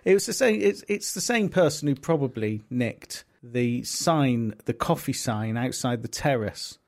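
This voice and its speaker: A man's voice: medium pitch, animated, measured pace, a little mellow. A man co-hosting a comedy podcast, rambling and jokey, with plenty of swearing. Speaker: podcast co-host. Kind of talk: casual banter.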